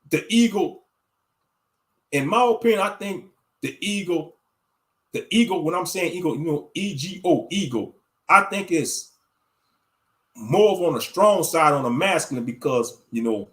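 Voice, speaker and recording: A man's voice: a little high, a bit bright. A man in his thirties giving blunt, profane, rambling commentary on a casual livestream, talking straight to his viewers as family. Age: 30s. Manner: addresses viewers directly as family.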